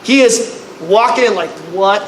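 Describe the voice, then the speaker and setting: Brief: male convention panelist, high and bright, echoey panel room, comic storytelling with animated voiced-out characters. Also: a little slow. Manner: animated, acts out others with loud high-pitched outbursts. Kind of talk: comedic storytelling to a live audience. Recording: echoey room, faint noise.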